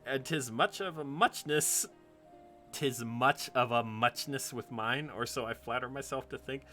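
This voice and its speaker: A man voicing an excitable little moogle creature with theatrical, old-fashioned exclamations. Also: mid-range voice, a little slow, soft background music. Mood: giddy.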